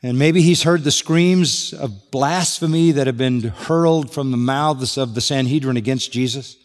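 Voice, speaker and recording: With a medium pitch and moderate pace, a male pastor moves verse by verse through a passage, asking rhetorical questions. Long hall reverb fills the recording.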